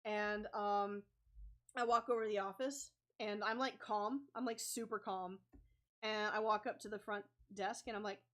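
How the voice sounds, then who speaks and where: A woman's voice: medium pitch, steady tone, normal speed, a bit bright. A young adult woman casually telling a story while drawing, rambling with lots of filler words. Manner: rambling, lots of ums and likes. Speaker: comic artist vlogger.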